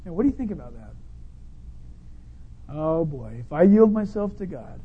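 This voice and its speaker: Lively, joking male preacher. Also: fairly high pitch, normal speed, husky, dull audio. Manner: conversational and humorous, with rhetorical questions and swings from loud to quiet. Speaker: pastor. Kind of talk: sermon.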